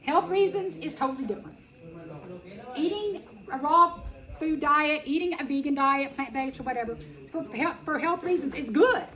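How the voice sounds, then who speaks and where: A middle-aged woman telling a personal story at a festival, dramatic, acting out quotes and swinging between loud and soft. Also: high voice, normal speed, rough recording. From Texas. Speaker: speaker at a festival. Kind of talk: storytelling talk.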